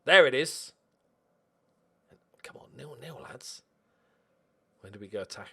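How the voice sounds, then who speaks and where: A man hosting a football management game playthrough, commentating in an excitable, sarcastic, self-mocking way. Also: medium pitch, unhurried, creaky, slightly rough. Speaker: let's play host. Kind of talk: gaming commentary.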